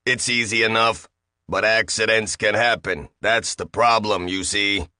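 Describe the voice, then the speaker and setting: A man voicing a bullying, smarmy talking machine, loud and peremptory with a slight accent. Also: on the low side, fairly even intonation, a little slow, clear, resonant tone, no room sound, studio quality. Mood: bossy.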